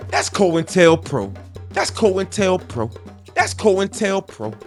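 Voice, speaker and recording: A man voicing a zealous, preachy male conspiracy-minded defender who rants in a sing-song way with sudden shouted bursts. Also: sits high, exaggerated voice. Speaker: comedic character.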